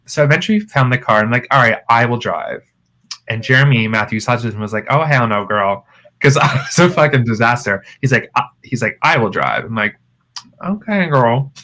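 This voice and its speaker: A man co-hosting a podcast, telling a wild story in casual chat, animated, cursing often and calling his friends "girl". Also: mid-range voice, fairly quick, rough recording. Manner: animated, swears freely, calls friends "girl". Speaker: podcast co-host.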